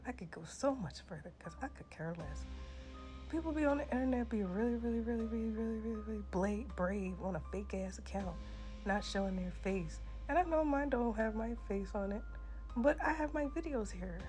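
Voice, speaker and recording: A woman ranting bluntly in a casual vlog, cursing freely and swinging between loud outbursts and hushed, breathy asides. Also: on the high side, lively intonation, normal speed, soft background music. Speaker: social media creator.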